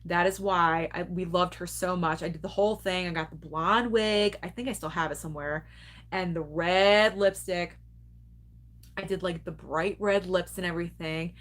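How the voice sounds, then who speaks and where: A woman's voice: lowish voice, fairly even intonation, normal speed, a bit bright. A woman of around forty hosting a casual movie club livestream, chatting candidly with viewers, reading out their comments and laughing often.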